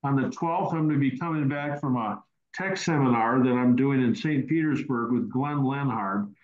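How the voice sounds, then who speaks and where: Over roomy, dull online call audio, a man leads a casual question-and-answer teaching session. He speaks at a moderate pace with medium pitch, rambling and repeating words.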